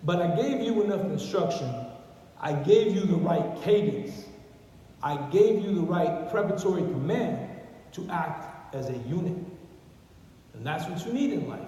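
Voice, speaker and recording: Guy doing a pumped-up company presentation, kinda high voice, drill-sergeant commands, far off in a super echoey hall. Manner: energetic, drill-like commands to the audience. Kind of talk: motivational corporate presentation.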